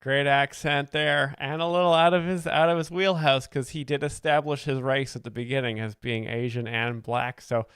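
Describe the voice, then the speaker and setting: A man hosting a satirical commentary video, talking in a deadpan, mock-earnest way with many fillers. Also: mid-range voice, normal speed, few pauses, clear, resonant tone, no room sound, studio quality. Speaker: comedy video host.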